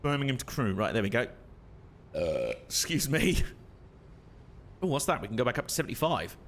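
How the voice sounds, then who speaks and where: A man's voice: mid-range voice, expressive, racing, fairly bright tone, slight background noise. A young man casually commentating his own gameplay on a stream, chatty and self-mocking, laughing often.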